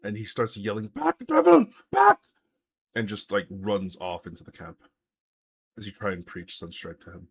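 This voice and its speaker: A man's voice: low voice, fairly even intonation, moderate pace, a bit bright, husky. A man narrating a live tabletop game as game master, in a loose, hesitant way with many fillers. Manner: loose, hesitant narration full of likes and uhs.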